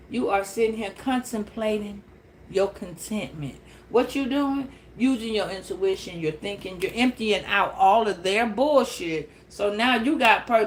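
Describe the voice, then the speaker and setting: A woman giving a casual tarot reading, blunt and profane, animated and laughing often. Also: medium pitch, a little hiss or hum. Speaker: tarot reader.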